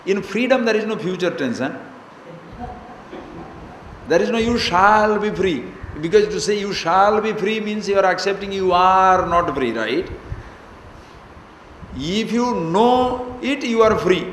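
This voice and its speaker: High-voiced man teaching in an echoey hall. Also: expressive, a little slow, pauses often, fairly bright tone. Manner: playful and emphatic, prodding listeners with rhetorical questions. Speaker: spiritual teacher. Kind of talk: spiritual discourse. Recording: echoey hall with faint noise.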